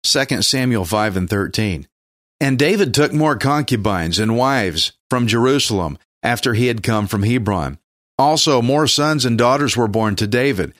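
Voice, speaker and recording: A man's voice: medium pitch, lively intonation, moderate pace, a bit bright, no echo. Texan man, folksy radio Bible teacher, joking manner, dry close sound. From Texas. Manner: folksy, joking, stumbles over names. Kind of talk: casual radio sermon.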